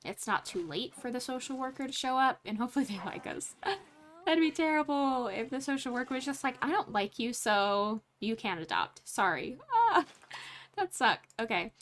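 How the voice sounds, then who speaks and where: A woman narrating her life-sim game in chatty let's play commentary. Her fairly high voice swings up and down, and she reacts aloud with laughs and quick exclamations. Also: lively intonation, fairly bright tone, a little hiss or hum. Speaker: gaming channel host.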